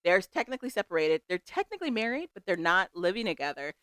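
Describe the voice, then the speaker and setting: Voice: medium pitch, big pitch swings, fast talker, a bit bright, clear, resonant tone, dry recording, clean studio sound. A podcast co-host recapping a show in casual chat, analytical and amused. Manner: analytical, amused, laughs often.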